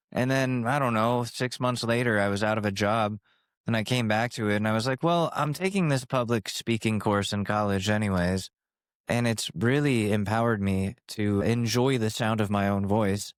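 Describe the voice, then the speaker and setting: A man's voice: medium pitch, moderate pace, no echo, studio quality. Sarcastic young man hosting a podcast. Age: 20s. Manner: sarcastic, rambling, profane. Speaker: podcast host. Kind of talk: casual solo podcast monologue. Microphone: studio microphone with compressor.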